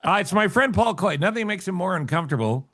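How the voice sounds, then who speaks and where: A male host chatting with a guest over a video call, joking in a playful deadpan way. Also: sits high, fast talker, dry recording, studio quality. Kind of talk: casual chat.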